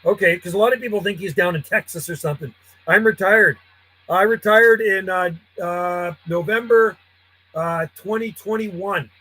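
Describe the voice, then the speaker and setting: A man's voice: high voice, moderate pace, bright, forceful tone, breathy edge, poor audio. A man, a friendly and chatty CB radio operator calling out call signs from his home radio room. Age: 50s. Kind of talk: casual radio calls and chat.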